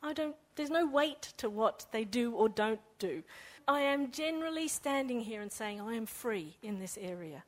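A woman giving a personal faith testimony in an earnest, halting way, often repeating words as she restarts. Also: a little high, animated. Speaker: speaker sharing a faith testimony.

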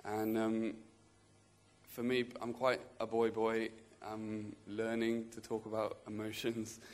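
Man, low voice, flat delivery, earnest, plain-spoken, church testimony. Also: takes it slowly. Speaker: church member sharing a testimony. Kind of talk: spontaneous testimony in a group.

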